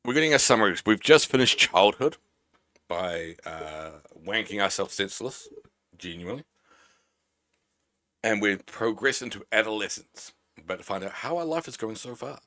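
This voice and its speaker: A man's voice: lowish voice, animated, normal speed, sharp tone. A man from New Zealand with a Kiwi accent, chatting playfully as a game streamer on a live stream. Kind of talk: casual live-stream chat.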